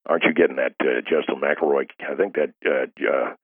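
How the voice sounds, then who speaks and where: Man doing a deep-voiced, dim sidekick, halting, over a dry, tinny phone line. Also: fairly even intonation, slightly rough, no echo. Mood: confused. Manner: hesitant, halting.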